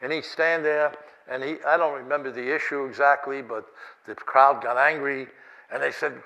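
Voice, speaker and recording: A man's voice: medium pitch, steady tone, normal speed, gravelly, bright, forceful tone, poor audio. An older man giving a rambling, chuckling keynote talk full of anecdotes, restarts and fillers. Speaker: keynote speaker. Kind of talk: lecture with anecdotes. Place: conference lecture hall.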